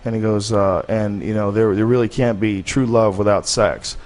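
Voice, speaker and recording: Casting: low-voiced male podcast host, rambling candid storyteller, swears freely. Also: steady tone, normal speed, a little mellow. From United States. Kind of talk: casual storytelling.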